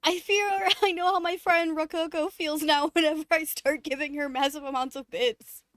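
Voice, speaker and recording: Very high-voiced excitable woman streamer. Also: normal speed. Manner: excitable, profane, laughing often. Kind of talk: casual live-stream chat.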